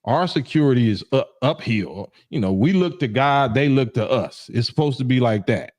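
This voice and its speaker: A man's voice: medium pitch, lively intonation, moderate pace, darkish tone, no room sound. Male livestream host, casual rambling talk, dry close sound. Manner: rambling, repeats "you know what I'm saying", acts out quoted voices.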